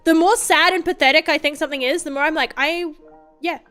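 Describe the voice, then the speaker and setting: Woman, high voice, casual chat stream, rambling, stammered restarts, candid, profane. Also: fairly even intonation, fast, sharp tone, soft background music. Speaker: VTuber streamer.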